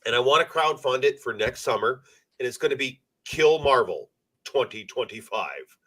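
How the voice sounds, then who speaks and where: A man's voice: mid-range voice, animated, normal speed, bright, forceful tone. A man talking as a guest on a casual podcast, passionate and emotional, swearing freely. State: teary-eyed. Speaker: guest, comic publisher.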